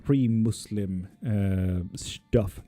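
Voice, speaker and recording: A man hosts a live tarot stream. His voice is very dark and mellow, and he sounds laid-back as he reads out chat comments and answers them. He is close to a dry mic, with faint guitar music playing underneath. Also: lowish voice, extremely slow, no echo. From not Swedish.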